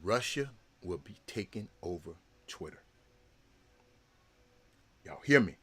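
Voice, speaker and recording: A man's voice: low-pitched, animated, slow, husky. A man, hosting a casual talk show and rambling to his viewers with lots of repeated words. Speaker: sports talk show host.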